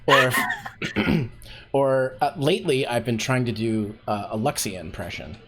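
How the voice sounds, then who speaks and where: A man's voice: mid-range voice, lively intonation, takes it slowly, pauses often, fairly bright tone, husky. A man hosting a casual voice acting workshop on a stream, talking loosely with lots of filler words. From Canada. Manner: loose and rambling, heavy on fillers like "like" and "um". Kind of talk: casual livestream teaching.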